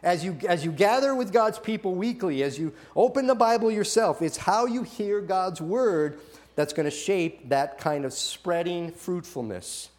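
Pastor, male, slightly high voice, animated sermon delivery with acted-out quotes and restarts.

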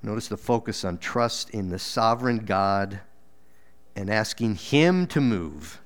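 A man's voice: lowish voice, expressive, a little slow. A man preaching a sermon in church, earnest and exhorting, with frequent repeated words and emphatic rises. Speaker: pastor.

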